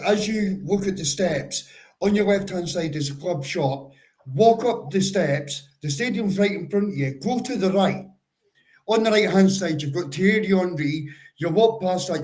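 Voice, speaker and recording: Chatty man, slightly high voice. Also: normal speed, darkish tone, rough recording. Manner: chatty, gives step-by-step advice, stop-start phrasing; calls listeners bro. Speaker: co-host of a football fan livestream. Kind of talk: casual chat.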